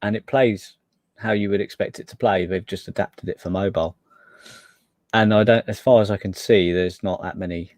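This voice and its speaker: Low-voiced man, podcast co-host, hesitant delivery, dry recording. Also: steady tone, normal speed, darkish tone, no echo. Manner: hesitant, trails off and restarts. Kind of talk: casual chat.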